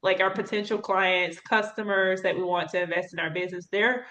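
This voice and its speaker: A woman's voice: medium pitch, fairly even intonation, fairly quick, a bit bright. A woman hosting an interview, speaking candidly and conversationally and laughing easily. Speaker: podcast host. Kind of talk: casual interview chat.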